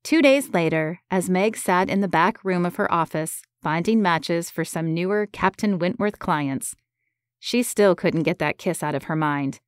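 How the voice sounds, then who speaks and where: A woman giving scripted narration of a romance audiobook in a measured, gentle way. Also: on the low side, clear, resonant tone, no room sound, clean studio sound.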